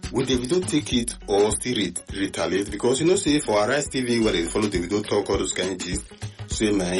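A chatty radio host with a Nigerian Pidgin accent, a man whose voice sits on the low side. He talks in animated bursts and jumps up in pitch on key words. Faint music plays underneath. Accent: Nigerian Pidgin English. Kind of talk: call-in radio gossip talk.

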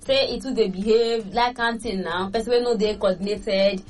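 A woman with a Nigerian Pidgin accent hosting a casual entertainment gossip show, lively and chatty, laughing between points. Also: medium pitch, moderate pace. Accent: Nigerian Pidgin English. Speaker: entertainment news host. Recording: distant mic with faint music.

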